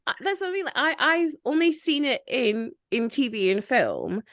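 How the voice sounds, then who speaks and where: A woman hosting a podcast in casual discussion, animated and opinionated, with frequent "like" fillers. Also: sits high, moderate pace, no room sound, clean studio sound. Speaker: podcast host.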